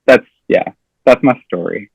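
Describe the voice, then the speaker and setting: A man's voice: fairly low pitch, unhurried, creaky, breathy edge, no echo, rough recording. A man telling a funny story on a podcast, acting out the lines of the people in it. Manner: animated storyteller acting out quotes. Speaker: comedian guest.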